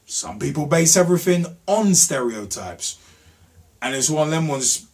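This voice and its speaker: Swearing man ranting hotly. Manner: blunt, swears, repeats himself, voice jumps high when heated. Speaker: host of a rant show. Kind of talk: angry opinion rant.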